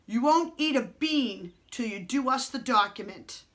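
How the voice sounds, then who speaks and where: A woman voicing a big, boastful male outlaw who talks in loud, rough, rustic speech. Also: on the high side, expressive, a little slow. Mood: menacing.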